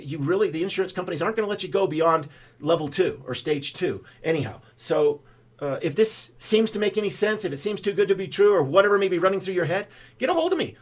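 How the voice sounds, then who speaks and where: Older guy chatting about finances, folksy and rambling, lots of uhs. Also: high voice. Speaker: financial adviser. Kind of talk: casual explainer talk.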